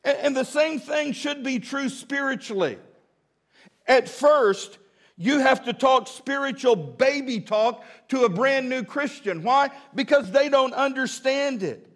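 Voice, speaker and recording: A man's voice: extremely high pitch, measured pace. Folksy pastor in his fifties. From American South. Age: 50s. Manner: folksy and humorous, with many restarts; drops to a quiet, intimate tone for asides. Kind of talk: sermon.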